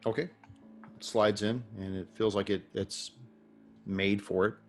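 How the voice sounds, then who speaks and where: Low-voiced male game master. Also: fairly even intonation, measured pace, soft background music. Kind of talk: narrating a tabletop game.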